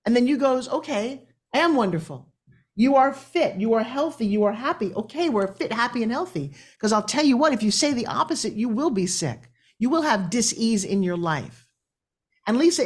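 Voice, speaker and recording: Middle-aged woman guest, motivational interview energy, bright-ish higher voice, big pitch swings. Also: husky. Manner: lively, shifting pitch up and down for emphasis. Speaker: guest speaker. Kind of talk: animated motivational interview talk.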